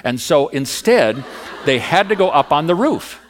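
A man preaching a sermon in a conversational, animated storytelling manner. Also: on the high side, a little slow, slight background noise.

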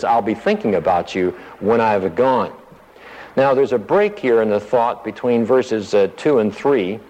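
A preacher gives expository Bible teaching, going through a passage verse by verse, explaining individual words and acting out the quoted lines. His voice is mid-range with a darkish tone, and the sound is dull, recorded in a hall with reverb.

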